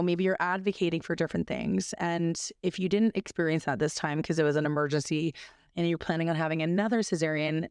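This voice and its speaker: A woman in her thirties telling a personal story as a podcast guest, earnest, with many restarts, and lively when she quotes other people. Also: fairly low pitch, clear, resonant tone, dry recording, clean studio sound.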